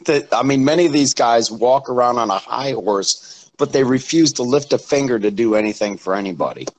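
A man's voice: mid-range voice, expressive, fairly quick, slight background noise, low-quality recording. A man calling in to a live show, speaking in a plain, blunt way.

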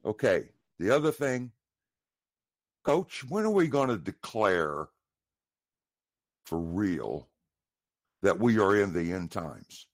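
A male caller with a very deep voice that rises and falls widely. He speaks slowly and earnestly, and the recording is dry and close. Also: sing-song, no echo. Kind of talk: call-in show talk.

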